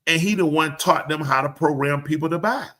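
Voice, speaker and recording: A man talks animatedly on a live show, pressing every point hard. His voice is bright and sits a little high. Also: brisk. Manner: animated, emphatic storyteller. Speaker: show host. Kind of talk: live show casual talk.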